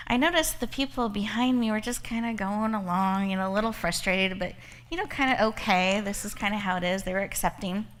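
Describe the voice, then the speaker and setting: A woman giving a motivational talk, telling a story and speaking straight to her listeners. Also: medium pitch. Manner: warm storytelling with laughter, addresses listeners directly. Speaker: speaker and host.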